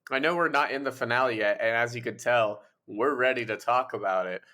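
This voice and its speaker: A man co-hosting a podcast in casual chat, rambling, excitable and swearing. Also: mid-range voice, brisk. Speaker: podcast co-host.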